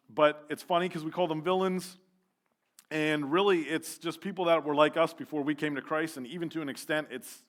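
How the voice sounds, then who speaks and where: A man's voice: a little high, fairly bright tone. A man preaching a sermon as youth leader in a church, casual and joking, with lots of ums and restarts.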